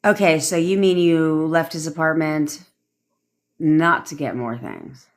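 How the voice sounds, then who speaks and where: Deep-voiced and unhurried, a woman manifestation coach rambles bluntly through advice on a live stream, cursing freely while she reads out and responds to viewer comments.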